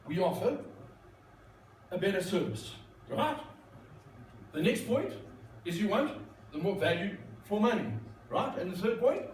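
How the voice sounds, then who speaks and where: In an echoey large conference hall, recorded from a distance with a little hiss or hum, a man with a high-sitting voice gives a joking keynote. As a corporate speaker and magician, he performs magic tricks while playfully teasing and talking to the audience.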